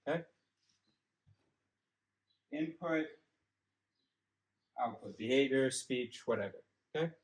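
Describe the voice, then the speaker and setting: A man's voice: medium pitch, vocal fry, roomy sound, rough recording. A man giving his father a casual step-by-step lecture in a car, checking in with "okay?" as he goes. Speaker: son explaining a theory to his father. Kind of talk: casual lecture during a drive. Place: inside a car on the road. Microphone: dashcam mic.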